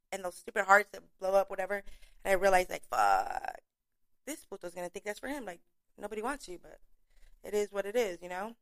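A woman's voice: mid-range voice, a bit bright. A young woman hosting a casual show, talking bluntly with lots of swearing and frequent laughs. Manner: blunt, profane, laughing often. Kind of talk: casual chat.

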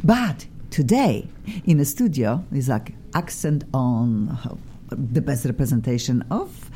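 A woman's voice: animated, slow, mellow, slight background noise. A woman with a Polish accent hosting a radio talk show from a studio, effusive and theatrical. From Poland. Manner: exuberant and theatrical, swooping pitch.

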